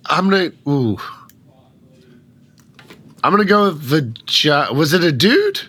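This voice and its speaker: A man's voice: fairly high pitch, sing-song, a little slow, pushed and bright, husky. A man on a podcast making guesses in a quiz game, playful and teasing, often laughing. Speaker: podcast co-host, quiz contestant. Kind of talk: casual podcast banter.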